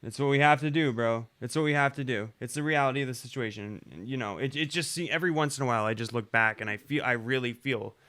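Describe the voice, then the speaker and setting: A man's voice: mid-range voice, fast talker, hardly any pauses, bright, forceful tone. A man hosting a casual podcast, who talks in a worried, incredulous way and swears often. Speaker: podcast host.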